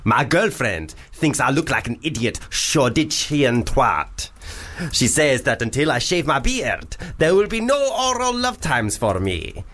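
A man's voice: mid-range voice, very animated, a little slow, fairly bright tone. Give me a man putting on a mock-Arabic accent for a lovelorn bearded guy. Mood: earnest pleading. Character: bearded young man pleading for advice. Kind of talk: comic email reading on radio.

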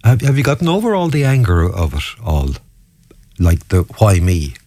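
A man hosts an interview, asking his guest gentle questions with some hesitant restarts. His voice sits very deep and low. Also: wildly swooping pitch, normal speed. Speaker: host.

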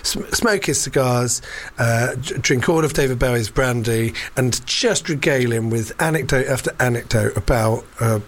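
A man's voice: mid-range voice, moderate pace. A man telling a story in casual chat, rambling with fillers and laughs.

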